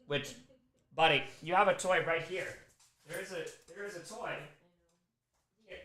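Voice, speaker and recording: A man's voice: sits high, a little slow, bright, forceful tone. A man hosting a charity livestream from home, chatting casually, fondly scolding his dog and thanking donors. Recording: roomy echo.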